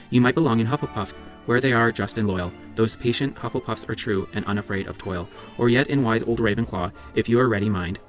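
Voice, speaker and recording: Wise teasing old magic hat from a storybook, read by a man, low, brisk. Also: natural voice. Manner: rhyming sing-song recital.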